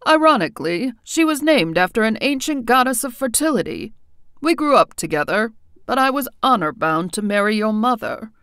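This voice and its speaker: A woman voicing a weary older male faerie king who speaks gravely, like a father making a confession, in an audiobook. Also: fairly high pitch, sing-song, moderate pace, a bit bright, no room sound, clean studio sound. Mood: solemn.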